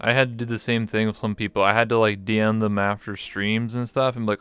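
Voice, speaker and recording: Man, candid and lower-voiced. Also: level tone, fast, few pauses, fairly bright tone, clear, resonant tone, no room sound. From Canada. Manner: candid, reflective, many fillers. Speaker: guest. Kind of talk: casual interview chat.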